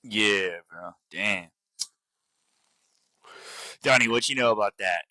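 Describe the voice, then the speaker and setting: A man's voice: fairly low pitch, slow, sharp tone, no echo. A man giving short, laid-back reactions in casual podcast chat. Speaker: podcast co-host.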